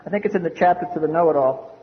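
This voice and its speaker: Older man, high-pitched, blunt and wry speaker share, muffled lo-fi hall recording. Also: racing, very noisy. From US East Coast. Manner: blunt, wry, salty humor. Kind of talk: recovery meeting share, storytelling. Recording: echoey hall, dull lo-fi.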